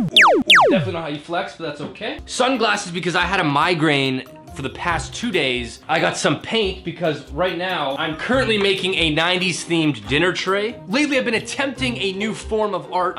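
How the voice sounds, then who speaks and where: Young male vlogger, animated, bright tone, playful self-deprecating patter. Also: a little high. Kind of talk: casual vlog chat. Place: home, later in a car.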